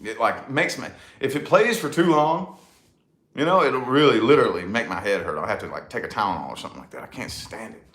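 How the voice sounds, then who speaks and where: A man's voice: mid-range voice, lively intonation, fast talker, fairly bright tone. A man with a Tennessee accent chatting casually, rambling and repeating himself with lots of "you know what I mean.". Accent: Southern US, Tennessee. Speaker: vlog host, musician. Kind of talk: casual chat. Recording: roomy echo.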